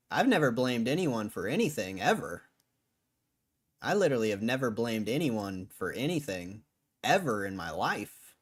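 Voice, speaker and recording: A man's voice: medium pitch, breathy edge. Guy live streaming, arguing w chat, cussing and chuckling, sounds tired from hours on air. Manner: argumentative, swears, laughs between lines. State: tired after a long stream. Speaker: livestreamer.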